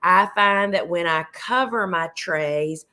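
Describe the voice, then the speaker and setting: A middle-aged woman hosting a casual live gardening show, chatty and homey, her voice a little hoarse from losing it. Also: lowish voice, slow, pushed and bright. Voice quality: chatty, homey, addresses viewers as friends.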